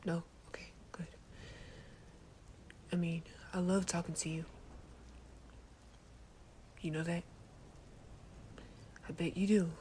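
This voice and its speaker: A woman voicing a protective, sleepy teenage boy in a gentle, laid-back whispered role-play. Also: on the low side, level tone, slow, pauses often, slight background noise. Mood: tender. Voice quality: soft whisper. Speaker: ASMR creator.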